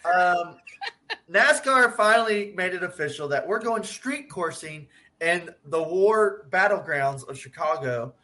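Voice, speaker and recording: A man chats on a podcast in a loose, animated way, cursing freely and laughing between points. His voice sits a little high and rings bright and forceful. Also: measured pace. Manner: animated, swears a lot, laughs often. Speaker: podcast co-host. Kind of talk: casual profane chat.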